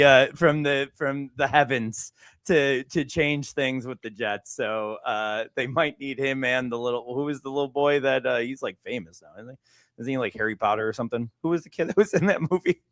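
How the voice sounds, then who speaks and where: A man's voice: medium pitch, normal speed, no echo, studio quality. A man co-hosting a sports podcast in casual chat, laughing often and joking around. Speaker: podcast co-host.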